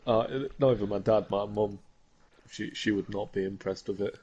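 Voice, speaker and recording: A young man, co-hosting a casual podcast chat in a relaxed, hesitant way with many pauses. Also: on the low side, husky, lo-fi sound. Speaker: podcast co-host.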